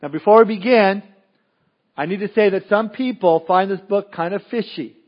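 A man's voice: high voice, moderate pace. A man preaching a sermon as pastor, folksy with joking asides and prayer. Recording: dull lo-fi sermon recording.

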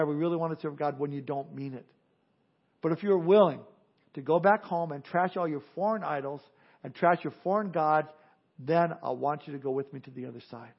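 High-voiced animated male pastor. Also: lo-fi sound. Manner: animated, acts out crowd voices, drops to hushed earnest tones. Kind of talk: sermon.

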